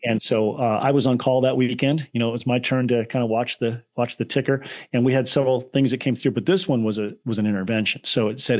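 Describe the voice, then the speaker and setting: A man's voice: mid-range voice, fast talker, few pauses. Earnest middle-aged man telling a story. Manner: earnest, animated, restarts phrases often. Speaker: nonprofit founder and guest. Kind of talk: interview storytelling.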